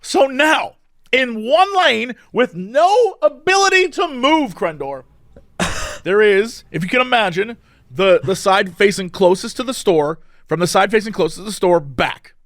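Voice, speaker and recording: A man with a high, very lively voice tells a long story. He jumps in and out of other people's lines as he goes. The recording is close and dry. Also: dry recording. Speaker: podcast co-host. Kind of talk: casual storytelling.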